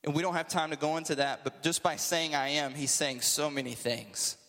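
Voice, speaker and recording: Male preacher, casual sermon, high bright voice, joking asides. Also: moderate pace, big-room sound. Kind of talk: casual sermon to a youth group.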